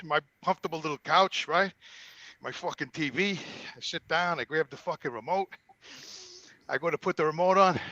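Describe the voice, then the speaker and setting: A man's voice: high-pitched, bright, forceful tone, dry recording. A man in his sixties telling a profane story in casual chat, out of breath. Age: 60s. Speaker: podcast regular.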